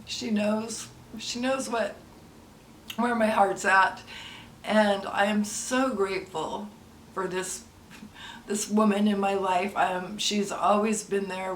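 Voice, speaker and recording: Halting soft-spoken older mother, roomy echo. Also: lowish voice. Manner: soft, halting, with many ums and restarts, emotional. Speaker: vlogger, mother of an addict. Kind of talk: personal storytelling to camera. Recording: roomy echo, distant from the mic, faint ambient noise.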